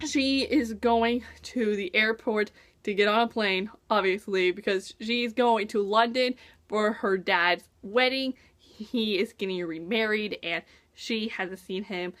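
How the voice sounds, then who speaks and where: A woman's voice: fairly high pitch, measured pace, a bit bright. Bubbly young woman gushing over a book. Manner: bubbly and gushing, lots of "like" and "oh my gosh". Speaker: book reviewer. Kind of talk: casual book review vlog.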